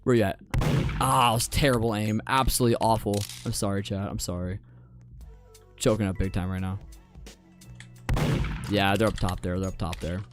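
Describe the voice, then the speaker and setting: A man's voice: on the low side, fairly even intonation, normal speed, pauses often, over music. Laid-back young man streaming, muttering repeats. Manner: repeats phrases, often drops to quiet mutters. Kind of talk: casual live-stream chat with gameplay commentary.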